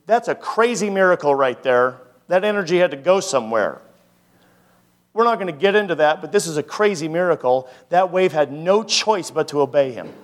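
Male pastor, slightly high voice, casual teaching sermon, full of rhetorical questions. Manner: conversational, asks the audience many rhetorical questions.

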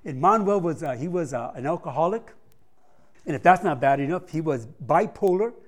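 A man's voice: fairly high pitch, lively intonation, normal speed. A man giving a conversational missions report to a church congregation, telling stories with humorous asides.

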